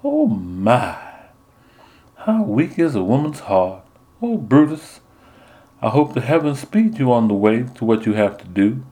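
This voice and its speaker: A silky-sweet southern belle. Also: male voice, mid-range voice, very animated, a little slow, dark tone, pitched above the performer's own voice. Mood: coy, sweet. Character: nun playing a flirty southern belle Portia.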